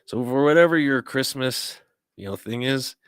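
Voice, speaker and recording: A man's voice: medium pitch, expressive, normal speed, a bit bright, clean tone, dry recording, studio quality. A man hosting a podcast, telling stories in a rambling, profane, casual way. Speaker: podcast host. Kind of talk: casual chat.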